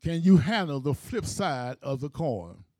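A man's voice: on the high side, sing-song, a little slow, darkish tone, no room sound, studio quality. A man preaching a sermon, telling a scripture story with emphatic, rhythmic phrasing.

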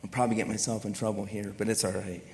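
A man's voice: on the low side, flat delivery, racing, a little mellow, big-room sound. A male pastor preaching a sermon in a conversational way, often asking his listeners rhetorical questions.

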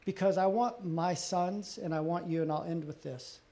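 A middle-aged man preaching a sermon as pastor, earnest and confessional, often dropping soft and low on personal moments. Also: steady tone, normal speed.

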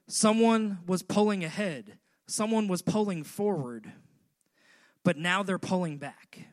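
A man preaching a sermon in a high, bright, ringing voice. He speaks slowly and deliberately and leans on repeated phrases. He swells into shouts as he drives his points home. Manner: rhythmic repetition, building to shouts.

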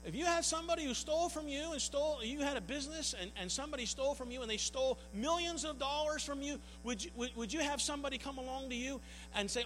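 A man's voice: extremely high pitch, fast talker, fairly bright tone. A man preaching a sermon as pastor, earnest and folksy, often stumbling and repeating words. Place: church hall. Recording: long hall reverb, mains hum.

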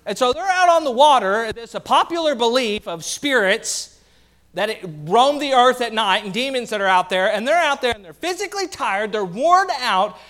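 A male pastor preaching a sermon, animated, with playful asides and acted-out quotes. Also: very high voice, moderate pace.

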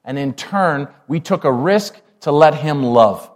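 A man's voice: fairly high pitch, lively intonation, measured pace. Pastor, male, chatty sermon delivery with questions to the room. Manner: conversational, asks the congregation questions.

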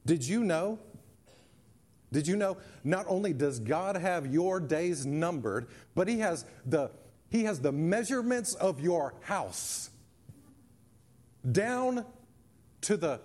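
A man's voice: on the high side, very animated, slow pace, long pauses, a little mellow. A male pastor preaching a sermon, reading scripture and driving points home with emphatic repetition. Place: church sanctuary.

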